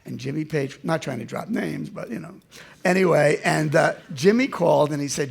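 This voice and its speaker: A man in his seventies with a gravelly voice, telling his life story to an audience in an animated way that swings from loud to hushed. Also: fairly high pitch, moderate pace. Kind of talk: storytelling talk.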